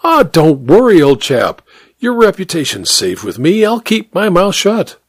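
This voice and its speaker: A man voicing a genial, easygoing gentleman who talks in a breezy, reassuring way. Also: sits high, big pitch swings, a little slow, breathy edge, no room sound, studio quality, voice pushed up, full character voice.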